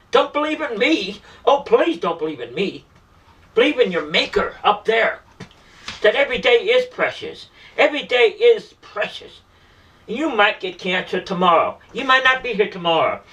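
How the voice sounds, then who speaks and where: A man's voice: high-pitched, sharp tone, recorded from a distance, poor audio. A man delivering an emotional, pleading monologue about faith and the meaning of life, repeating himself often. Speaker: self-styled spiritual messenger.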